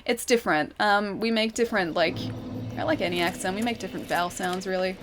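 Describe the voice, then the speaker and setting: Australian woman, casual game streamer, chatty and full of fillers, loud game music underneath. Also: medium pitch, fast. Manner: chatty, laughs often, many fillers. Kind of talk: casual gameplay stream chat.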